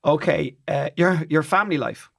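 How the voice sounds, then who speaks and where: Animated Irish man, high voice, dry sound. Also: normal speed, creaky, no room sound. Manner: animated, jokey, rambling with restarts. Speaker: podcast co-host. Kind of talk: casual chat.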